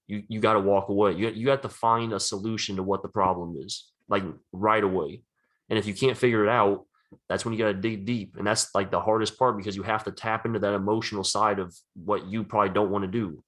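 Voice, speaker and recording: A man's voice: lowish voice, fairly even intonation, fairly quick, fairly bright tone. A man giving casual, earnest advice about trading habits, rambling and saying "like" often. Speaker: trading educator.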